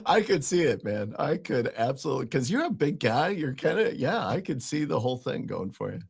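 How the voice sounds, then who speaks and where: A man's voice: mid-range voice, big pitch swings, brisk, gravelly, husky. A man hosting a casual interview, upbeat and asking playful questions. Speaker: host.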